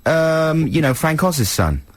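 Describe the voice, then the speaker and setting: A man's voice: fairly high pitch, sing-song, slow pace, no room sound. A man co-hosting a radio show, chatty with wry asides in casual banter. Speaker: radio host.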